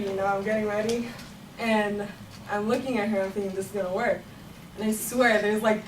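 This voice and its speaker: A young woman telling a funny personal story in a chatty way, laughing as she goes. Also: medium pitch. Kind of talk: personal story told to a room. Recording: echoey room, far from the mic, noisy.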